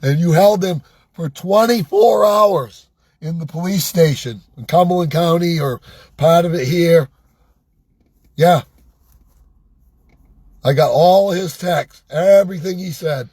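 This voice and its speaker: A man's voice: fairly high pitch, slow pace, pauses often, darkish tone, slightly rough, no echo, studio quality. An older man talking in an agitated personal monologue, swearing and asking "right?" again and again. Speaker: vlogger.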